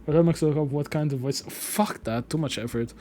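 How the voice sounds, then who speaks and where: A man's voice: fairly high pitch, fairly quick, dark tone, a little hiss or hum. A young man streaming a game live, reading its text aloud and chatting casually with lots of swearing. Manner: casual and profane, chatting between read lines.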